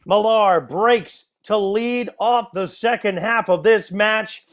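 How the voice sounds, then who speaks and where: A man's voice: sits high, slow pace. A man from the United States doing live darts commentary, chatty and joking in asides to viewers.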